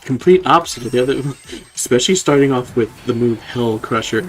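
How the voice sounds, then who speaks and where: A man's voice: medium pitch, animated, brisk, faint music behind. A man streaming a video game, chatting casually and laughing often. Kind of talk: casual gameplay chat.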